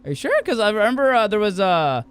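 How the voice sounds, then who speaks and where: A man chats casually while streaming a game, rambling, swearing and correcting himself mid-sentence. His voice is high and bright, with a crisp, clean tone. It swings around a lot in pitch, and the sound is dry and close to the mic. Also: very animated, fast, no echo, faint music behind. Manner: rambling, profane, laughing, self-correcting. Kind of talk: casual gaming stream chat.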